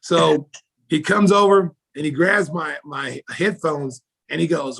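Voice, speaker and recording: A man's voice: takes it slowly, vocal fry, slightly rough. A middle-aged American man, a former basketball player turned announcer, telling stories in a casual interview and acting out the people in them. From United States. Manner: animated storyteller, acts out quoted people with jumps in pitch and loudness.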